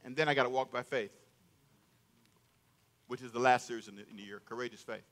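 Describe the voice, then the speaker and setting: A man's voice: mid-range voice, fairly even intonation, a little fast. A man preaching a sermon as pastor in a church, calling out to the congregation for responses. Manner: call-and-response preaching, loud and emphatic. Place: church sanctuary.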